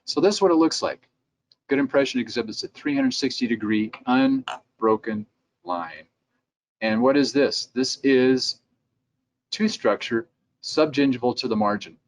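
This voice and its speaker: A man's voice: medium pitch, measured pace, pauses often, a little hiss or hum. A middle-aged man giving a conversational instructional talk for dentists, sometimes acting out their replies in quotes. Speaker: dental lab president giving a training talk. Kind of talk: instructional presentation.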